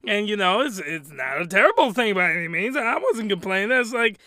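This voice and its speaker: A man's voice: high-pitched, very animated, fairly quick, bright, forceful tone, no echo. A man giving a crude, rambling and exasperated comedic recap of an anime. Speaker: anime reviewer.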